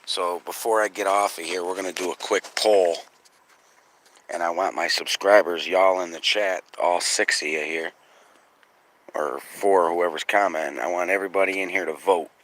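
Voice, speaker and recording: A man's voice: sits low, normal speed. A man hosting a live night-sky watching stream outdoors, chatting with viewers and swearing often. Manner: profane, excitable, talks to chat viewers. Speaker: skywatch livestream host. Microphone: phone.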